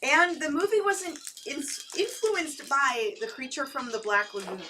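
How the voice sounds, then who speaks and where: A woman's voice: high voice, a little slow, noisy background. A middle-aged woman with an Ohio accent co-hosting a live horror movie show, chatty and giggly as she reads out old film trivia. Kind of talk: casual live-stream chat.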